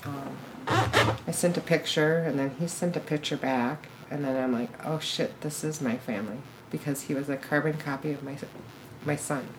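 A woman's voice: low-pitched, steady tone, moderate pace, noisy background. A middle-aged woman telling her story as a podcast guest, candid and blunt, cursing now and then and laughing at herself. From born in Korea, raised in Minnesota. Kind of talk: casual storytelling interview.

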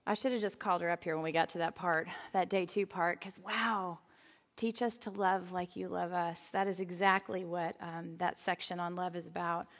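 A woman's voice: fairly low pitch, steady tone, moderate pace. A woman leading a church Bible study from the stage, chatty and asking the audience questions. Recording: hall reverb.

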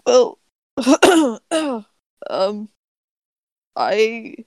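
A woman's voice: fairly high pitch, sing-song, extremely slow, darkish tone, no echo. A woman player answering in character in a tabletop game, hesitant and bashful with many fillers. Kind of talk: in-character tabletop role-play.

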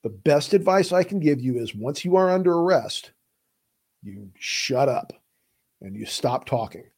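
A man's voice: medium pitch, animated, unhurried, a little mellow, husky. Emphatic, plain-spoken male lawyer. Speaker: podcast host and criminal defense lawyer. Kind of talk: casual explainer talk.

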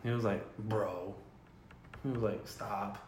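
A man's voice: lowish voice, steady tone, takes it slowly. A young man co-hosting a podcast, rambling and profane as he tells stories. He is recorded in an echoey room with a faint ambient hum behind him. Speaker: podcast co-host. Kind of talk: casual chat.

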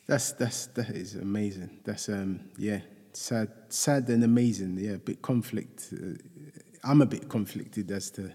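A man hosting an interview, reflecting thoughtfully and haltingly on what his guest said. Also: lowish voice, mellow, slightly rough, long reverb tail. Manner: thoughtful, halting, with many restarts. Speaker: podcast host.

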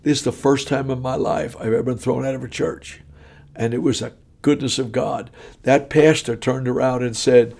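A man preaching his personal testimony in a warm, mellow voice. He tells the story in an animated, folksy style, punching each beat like a seasoned storyteller before a congregation. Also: medium pitch, normal speed, creaky.

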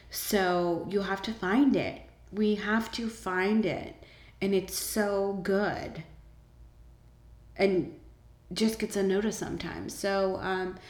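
Woman, chatty vlogger, unhurried, lowish voice, roomy echo. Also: darkish tone. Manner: chatty, lots of ums, enthusiastic asides. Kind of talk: casual chat about shows and books.

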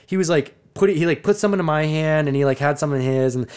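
A man's voice: fairly high pitch, fast talker, darkish tone, smooth. A young adult man and podcast co-host, telling a long rambling story in casual chat and swearing freely.

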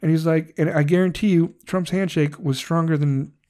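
Brief: furious man ranting, swearing nonstop, dark mellow tone. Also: fairly high pitch, fairly even intonation, moderate pace. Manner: profane, shouting insults, heated. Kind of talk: angry political rant.

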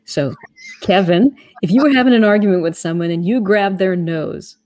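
A woman guest on a talk show, calmly explaining her ideas. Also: mid-range voice, moderate pace, no echo. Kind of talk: casual spiritual conversation.

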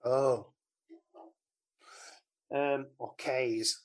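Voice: mid-range voice, expressive, measured pace. Podcast co-host, casual recap chat, wry, rambling, lots of ums.

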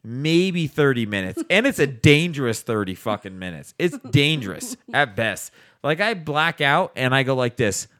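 Animated man telling a profane story. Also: medium pitch, normal speed. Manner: animated, profane, laughs while telling stories. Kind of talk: casual podcast chat, storytelling.

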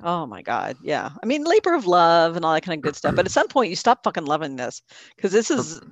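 A man's voice: on the high side, wildly swooping pitch, brisk. A man co-hosting a podcast in casual chat, talkative, swearing and laughing easily. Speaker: podcast co-host.

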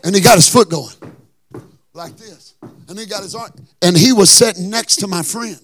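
A hoarse male pastor, telling a story in a sermon and building to shouted preaching in a church. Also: high-pitched, normal speed. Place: church sanctuary.

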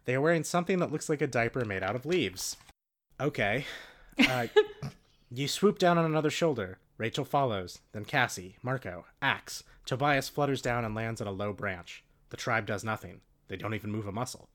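A man's voice: mid-range voice, expressive, moderate pace, a bit bright. A man casually reading a storybook aloud with a friend, breaking into jokes and laughter. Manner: laughing, joking asides. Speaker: reader.

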